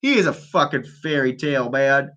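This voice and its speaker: A man's voice: medium pitch, lively intonation, moderate pace, pushed and bright. A man hosting a casual call-in chat, freestyle rapping and rambling with heavy profanity, stoned. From Canada. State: high on weed. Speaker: host.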